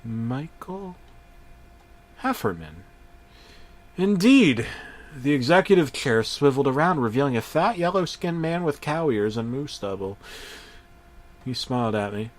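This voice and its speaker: Slow deadpan man with sudden outbursts. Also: mid-range voice. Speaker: narrator. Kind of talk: parody creepypasta narration.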